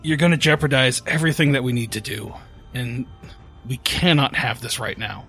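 A man's voice: medium pitch, normal speed, fairly bright tone, soft background music, close to an everyday voice. A man voicing a stern, controlling woman who presses others with pointed questions.

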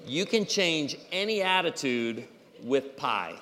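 A male pastor delivering a funny, story-driven sermon in a church hall, with a somewhat high voice. He acts out the people in his stories with lively energy. The sound carries the long reverb of a large room. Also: slow pace, slight background noise. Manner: animated, acts out dialogue in stories. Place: church auditorium.

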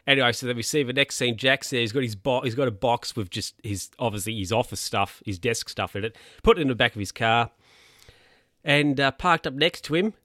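A man's voice: mid-range voice, moderate pace, no room sound, clean studio sound. A man casually retelling a comedy episode, putting on voices for each character and laughing along. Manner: animated storytelling, acts out characters' lines in voices.

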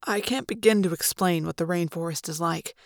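Woman, audiobook narration, slow deliberate delivery, dry close sound. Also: lowish voice, dry recording. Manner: slow, deliberate dramatic reading. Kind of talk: audiobook reading.

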